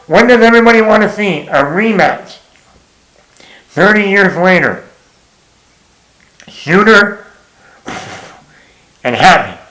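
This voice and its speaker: A man reviews a film in a blunt, exasperated way and swears freely. His voice sits a little high for a man, and he talks slowly and unhurriedly. The room around him is noticeably echoey. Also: lively intonation, fairly bright tone. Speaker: movie reviewer. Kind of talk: casual spoken film review.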